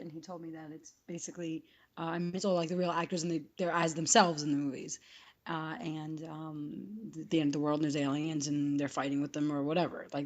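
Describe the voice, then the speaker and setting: A woman's voice: sits low, pushed and bright. A woman in a casual comedy podcast chat, teasing her friends and laughing easily.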